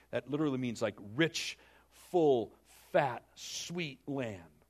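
A man preaching a sermon, telling the story dramatically with joking asides to the congregation, swinging between loud and hushed. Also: mid-range voice, lively intonation, takes it slowly. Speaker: pastor.

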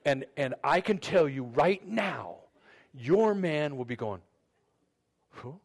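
A man's voice: on the high side, expressive, takes it slowly, vocal fry. Male pastor, easygoing sermon, talks to the guys then the girls, lots of restarts. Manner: chatty, repeats words and restarts sentences; addresses the men and the women in turn. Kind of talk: conversational sermon to a congregation.

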